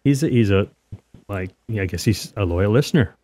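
A man co-hosting a casual podcast, easygoing and halting, often repeating his words. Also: fairly low pitch, expressive, dark tone. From Canada. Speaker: podcast co-host.

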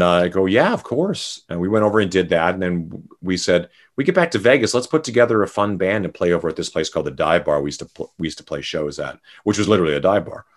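A deep-voiced, middle-aged Canadian musician chats casually as an interview guest. He rambles, leaning on many fillers and restarts.

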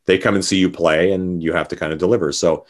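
A man's voice: low voice, fairly even intonation, quick pace, slight background noise. A middle-aged man from Canada, a musician chatting casually as an interview guest, rambling with many fillers and restarts.

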